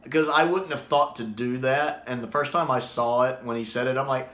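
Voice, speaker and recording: A man in casual fan commentary, enthusiastic and animated whenever he repeats a favorite line. His voice sits mid-range. The room around him is echoey. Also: medium pitch, moderate pace. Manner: enthusiastic, animated when quoting lines. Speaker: YouTube commentator. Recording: roomy echo.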